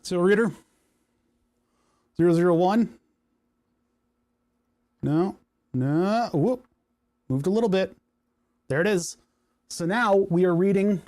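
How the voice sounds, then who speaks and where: A man's voice: fairly high pitch, a little mellow. Chatty man thinking aloud on a livestream. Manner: rambling, self-mocking, thinks aloud. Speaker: livestream host. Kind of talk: casual live coding chat. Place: home workshop.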